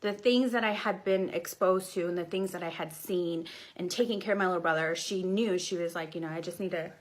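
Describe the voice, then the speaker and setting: A woman's voice: fairly low pitch, fairly quick. A young adult woman telling her own life story in a casual, rambling way, full of "like" fillers and restarts.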